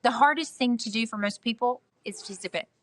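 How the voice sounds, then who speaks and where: A woman's voice: on the high side, a little fast. A middle-aged woman, a guest author, talking earnestly and emphatically in a podcast interview.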